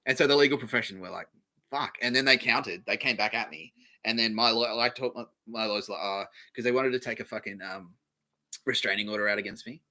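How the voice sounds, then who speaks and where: A man's voice: fairly low pitch, quick pace, bright, forceful tone, poor audio. A young man hosting a podcast, talking in a casual, swaggering, profane way and laughing often. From Australia. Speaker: podcast host. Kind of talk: casual comedic monologue.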